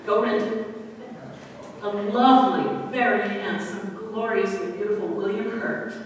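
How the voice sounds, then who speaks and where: A woman pastor giving a sermon, expressive, moving between quiet passages and loud emphasis. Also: mid-range voice, measured pace, a little hiss or hum. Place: church sanctuary. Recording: echoey church hall from far off.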